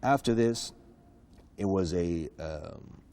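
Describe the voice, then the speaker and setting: Low dark-voiced guy telling his story, rambly and chatty, lots of you knows. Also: slow, creaky. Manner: relaxed and chatty, with many "you know" asides and restarts. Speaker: guest preacher telling his conversion story. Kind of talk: casual interview storytelling.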